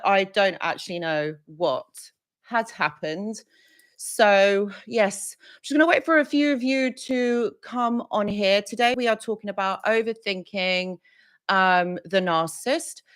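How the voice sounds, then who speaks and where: Woman host, live stream chat, flustered and gushing, mid-pitched everyday voice. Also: unhurried. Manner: flustered, effusive, greets viewers by name.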